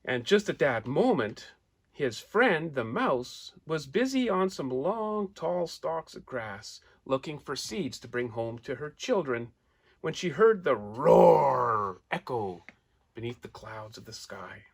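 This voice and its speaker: Male storyteller reading to children, lively, draws listeners in with questions and pictures. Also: mid-range voice, takes it slowly, husky. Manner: animated, asks listeners questions; points out pictures while telling.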